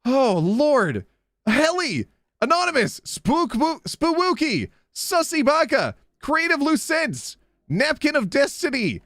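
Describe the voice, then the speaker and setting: A man's voice: very high-pitched, wildly swooping pitch, slow pace, fairly bright tone, dry recording, studio quality. A man hosting a charity livestream, rattling off donor names, stumbling over spellings and tossing in chatty asides. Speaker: livestream host reading out donors. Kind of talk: charity livestream, rapid name roll call.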